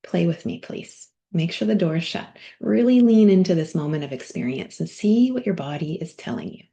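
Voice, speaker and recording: A middle-aged woman coach leading a guided body practice in a workshop, speaking gently with soft, near-whispered asides. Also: on the low side, animated, normal speed, vocal fry, highs cut off.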